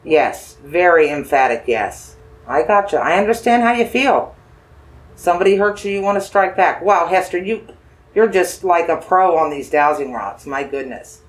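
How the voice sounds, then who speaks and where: Speaking at a medium pitch in an animated way, this paranormal investigator uses dowsing rods to gently question a spirit. They coax and reassure, repeat phrases, and ask slow yes-or-no questions.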